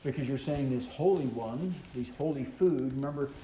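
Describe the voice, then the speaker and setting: A man's voice: mid-range voice, moderate pace, dark tone. A man teaches a Torah portion, reading verses aloud and explaining them with frequent ums and uhs. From American South. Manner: reads scripture aloud then explains it, with many ums and uhs. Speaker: Bible teacher. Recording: echoey room with faint noise.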